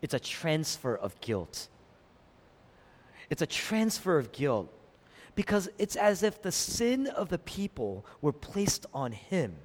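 A male pastor preaching a sermon, asking rhetorical questions and swinging from emphatic peaks to low, quiet lines. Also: very animated, slow pace. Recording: long hall reverb.

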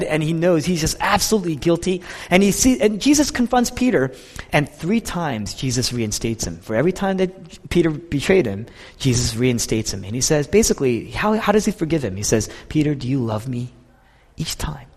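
Preaching man, hushed to ringing, reverberant hall. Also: a little high. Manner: swings from loud emphatic peaks to hushed near-whispers. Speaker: pastor. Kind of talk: sermon.

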